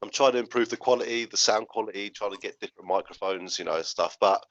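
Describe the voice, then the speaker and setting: A man hosting a casual interview over a video call from his spare room at home, loud and chatty, calling his guest "mate" again and again. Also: on the low side, fast, no room sound, muffled recording. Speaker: podcast host. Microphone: laptop or phone over a video call.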